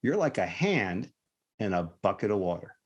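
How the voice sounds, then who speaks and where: A man quoting a gruff, patient first sergeant. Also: mid-range voice, expressive, normal speed, highs cut off, natural voice. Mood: steady. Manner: plain, patient, fatherly advice. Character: gruff, no-nonsense male Army first sergeant.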